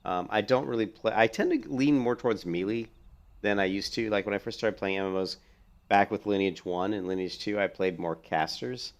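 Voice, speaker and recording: A man's voice: fairly low pitch, moderate pace. A young man giving casual, rambling commentary while playing a video game. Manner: rambling, filler-heavy, restarts often. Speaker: gaming video host.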